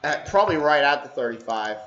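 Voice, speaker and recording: A man streaming live play-by-play of a game as a fan, talking casually and getting excitable, shouting at the big plays. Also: medium pitch, a little fast. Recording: echoey, dull lo-fi room with background noise.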